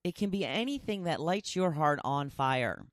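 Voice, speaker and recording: A woman's voice: low voice, expressive, moderate pace, no echo, clean studio sound. A middle-aged woman hosting her own podcast, talking in a chatty, goofy way and laughing between thoughts. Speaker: podcast host. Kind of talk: casual solo podcast monologue.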